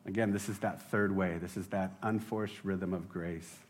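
A man preaching a casual sermon as a pastor, excitable and rambling, often laughing at himself. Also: low voice, normal speed, slight background noise. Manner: excitable, rambling, self-deprecating.

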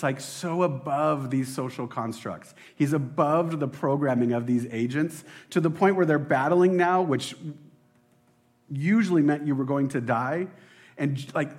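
A man preaching a casual sermon as a pastor, excitable and rambling, often laughing at himself. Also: a little high. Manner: excitable, rambling, self-deprecating.

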